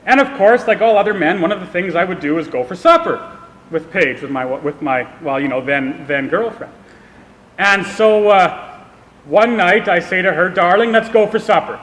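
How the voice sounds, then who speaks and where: A man's voice: high voice, normal speed, fairly bright tone. A man giving a public speech at a political event, explaining an idea through a self-deprecating personal story. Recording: long reverb of a hall.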